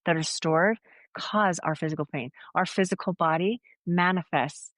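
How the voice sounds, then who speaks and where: A woman's voice: on the low side, moderate pace, a bit bright, no room sound. A woman guest on a podcast, earnestly telling a rambling story and acting out bits of quoted dialogue in conversation. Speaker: foot zoner, podcast guest.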